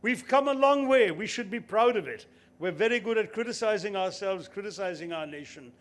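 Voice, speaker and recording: A man in his sixties delivers a formal convocation address, building his points with emphatic lists. His pitch sits fairly high. He speaks with polished, rhetorical command. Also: animated, a little fast. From India. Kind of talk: formal ceremonial speech.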